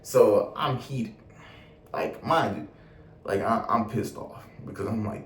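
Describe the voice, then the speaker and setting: A young man telling a casual storytime vlog in slangy, animated talk full of swearing. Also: fairly low pitch, slow, far from the mic, a little hiss or hum. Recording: roomy echo, a bit off mic, faint ambience.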